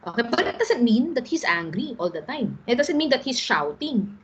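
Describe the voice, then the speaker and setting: A woman's voice: fairly high pitch, very animated, normal speed, husky, muffled recording. A middle-aged Filipino woman teaching an online class, explaining patiently and often checking in with the students.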